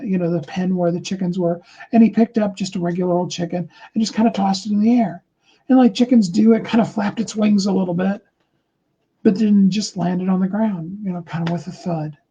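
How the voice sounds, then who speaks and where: A man giving a motivational talk, telling a story slowly and deliberately, with many fillers and restarts. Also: high voice, mellow, slightly rough, highs cut off. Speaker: motivational speaker.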